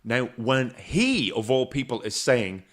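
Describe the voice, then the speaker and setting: A man's voice: mid-range voice, sing-song, measured pace. A middle-aged man with a Northern Irish accent, a guest comedian telling sweary, wry stories in casual podcast chat. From Northern Ireland. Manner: sweary, wry, storytelling with trailing mutters.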